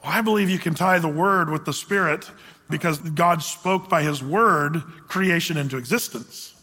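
A man's voice: a little high, normal speed, pushed and bright, big-room sound. A male pastor teaching a sermon verse by verse, talking conversationally, asking his congregation questions and reading scripture aloud.

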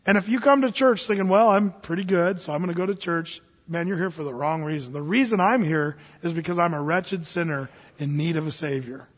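A man's voice: on the high side, brisk, hardly any pauses, breathy edge. A man preaching a sermon as a pastor in a church, talking conversationally and acting out the people he quotes. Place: church sanctuary. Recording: dull, echoey church hall.

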